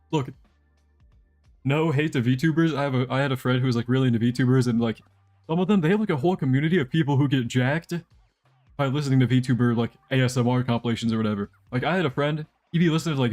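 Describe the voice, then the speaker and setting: Streaming a game live, a young man rambles and jokes casually with his viewers as he plays. He has a mid-range, slightly mellow voice, and faint background music is audible.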